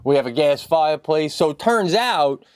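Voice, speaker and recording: A man telling a long story in casual chat, rambling and profane, and his voice jumps much higher when he gets worked up. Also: lively intonation, moderate pace, darkish tone, clear, resonant tone, no room sound, studio quality. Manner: climbs far higher in pitch when worked up. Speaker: father.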